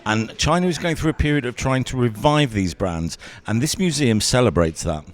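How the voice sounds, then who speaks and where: A man's voice: mid-range voice, animated, normal speed. A man hosting a travel video, narrating and trading dry puns with his co-host. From southern England. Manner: punning, dry joking. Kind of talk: travel vlog narration and banter.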